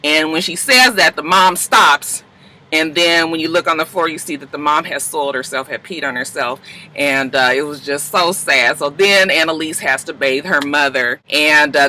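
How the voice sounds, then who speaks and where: A woman vlogger casually recapping a TV episode, animated and acting out characters. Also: on the low side, normal speed, poor audio. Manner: animated, acts out characters in voices.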